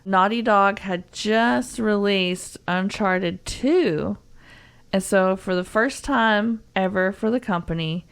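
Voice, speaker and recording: Southern young woman cohosting a game podcast, low voice with a gravelly edge, giggles a lot, rambly. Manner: chatty, giggly, rambling with fillers. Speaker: podcast co-host. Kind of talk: casual podcast chat.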